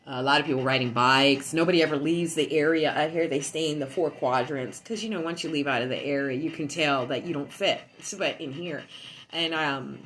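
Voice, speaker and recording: A woman chatting casually on a livestream from her home while high on cannabis, telling stories loudly and with lots of animation. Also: a little fast. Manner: loud and animated storytelling. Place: at home indoors.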